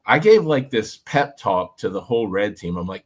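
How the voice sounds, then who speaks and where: A former reality show contestant, a man, telling an animated story to a group, talking with lots of fillers and "like". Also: on the low side, normal speed, hardly any pauses. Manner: energetic, filler-heavy, lots of "like".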